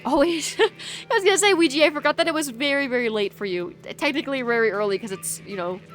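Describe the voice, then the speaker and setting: A woman's voice: high voice, fast talker, soft background music. A woman streaming a video game, chatting casually in a giggly, rambling, playful way into a USB microphone at home. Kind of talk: casual gameplay chat.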